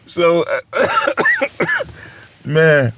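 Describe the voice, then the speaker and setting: A man's voice: high voice, huge pitch swings, very slow, very noisy. A man with a cold who coughs now and then, preaching a casual, joking sermon with lots of laughter and slangy banter.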